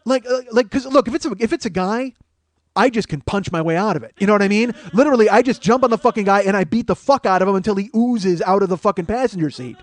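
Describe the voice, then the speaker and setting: High-voiced, profane man telling a story. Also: quick pace, no room sound. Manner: profane, animated, rising to shouting as the story builds. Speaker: podcast host. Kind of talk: comic storytelling.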